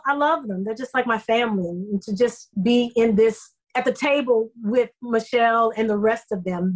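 A woman's voice: on the high side, low-quality recording. Effusive woman telling an emotional story. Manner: effusive, emotional storytelling with lively quoted asides. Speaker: actress, interview guest. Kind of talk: conversational interview.

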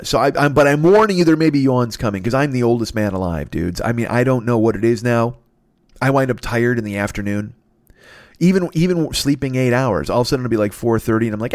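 A man's voice: medium pitch, no echo. Man, solo podcast host, stuffy nose, tired, profane rambling, dry close sound. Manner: profane, rambling, self-deprecating.

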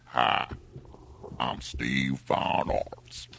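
A miserable, dragging figure, his voice pushed impossibly deep by a voice changer. Every word crawls out slowly with a gravelly fry. He whines and pleads like someone at the end of his rope. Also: completely flat delivery, fairly bright tone, slight background noise, exaggerated voice. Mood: pleading. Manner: slow, dragging, whiny pleading. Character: slowed, deep-voiced man mocked as falling apart. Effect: deep pitch-lowering voice changer. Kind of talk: comedy podcast bit.

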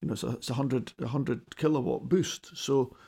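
Gravelly halting man. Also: medium pitch, warm tone. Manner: halting, many restarts, considered. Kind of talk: casual rally chat.

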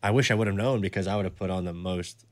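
Man in casual chat, very low voice, rapid delivery, blunt and joking. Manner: blunt, joking, rough language.

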